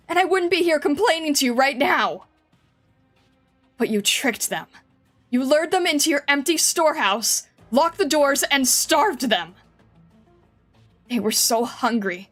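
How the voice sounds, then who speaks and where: A woman's voice: high-pitched, a bit bright. Woman playing a stern accusing investigator. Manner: cold and accusing, rising to anger.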